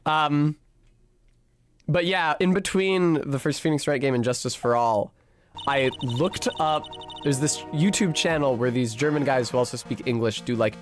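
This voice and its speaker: A streamer casually talking over a video game, in an animated, chatty and profane way. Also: male voice, medium pitch, unhurried, faint music behind.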